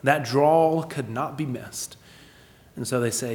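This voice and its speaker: A pastor preaches slowly in a large hall, posing rhetorical questions and shifting between emphatic lines and hushed ones. His voice is mid-range.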